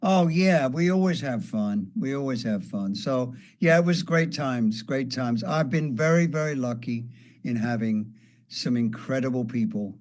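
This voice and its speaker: A man's voice: mid-range voice, unhurried, a little mellow. An older man, a guest guitarist, fondly reminiscing in a casual chat with light jokes.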